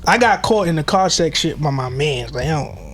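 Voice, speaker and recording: A man co-hosting a podcast tells wild stories in loose slang, laughing often during the casual chat. His voice is on the high side and animated, at a normal speed, though the audio is very noisy.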